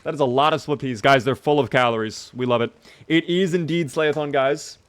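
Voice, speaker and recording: A man at a middle pitch talks his way through a live game stream. He keeps up an easygoing, chatty flow, reading viewer messages aloud and answering them as he plays. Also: brisk. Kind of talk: casual live-stream commentary.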